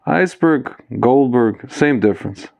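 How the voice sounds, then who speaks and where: A man's voice: medium pitch, lively intonation, measured pace, creaky, a little mellow. A man voicing an indignant man in a bar joke, protesting after being punched. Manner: protesting, incredulous.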